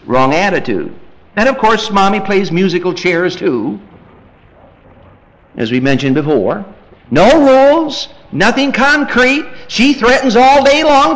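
Preacher guy, kinda high voice, goes loud then real quiet, acts out little scenes in his sermon. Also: measured pace, long pauses, slight background noise, low-quality recording. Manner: animated, acts out family scenes in quoted voices; swings from loud bursts to quiet, low asides.

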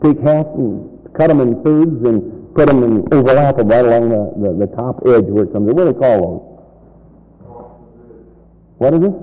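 A man preaching a sermon, stressing key words by drawing them out slowly and asking his congregation questions. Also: a little high, warm tone. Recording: muffled recording in a reverberant hall.

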